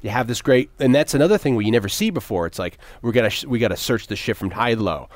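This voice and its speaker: A man's voice: medium pitch, animated, fast, no echo. Rambling man in a dry room. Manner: rambling, many fillers and restarts, swearing. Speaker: podcast co-host. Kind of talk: casual movie discussion.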